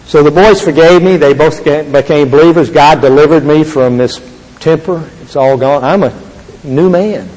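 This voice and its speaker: An older man giving an earnest, halting Christian testimony to an audience. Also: a little high, a little mellow. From Texas. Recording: long reverb of a large hall.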